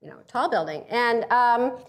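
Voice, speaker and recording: Lively, animated woman storyteller. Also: fairly high pitch, normal speed. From United States. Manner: animated, acts out voices, laughs often. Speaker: speaker giving a talk. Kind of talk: comic storytelling talk.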